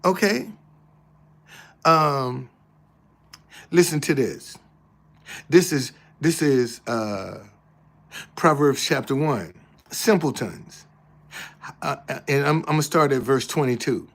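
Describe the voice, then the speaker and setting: A man's voice: medium pitch, lively intonation, slow, creaky, pauses often, fairly bright tone. A man giving preachy casual commentary as an online host, emphatic and repeating his words like a preacher.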